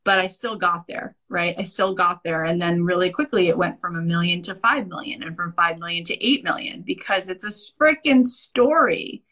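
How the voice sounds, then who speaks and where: A woman's voice: lowish voice, normal speed, hardly any pauses, pushed and bright. A woman business coach in casual conversation, stressing her points emphatically and often checking in with "right?". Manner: emphatic, repeats points, tags lines with "right?".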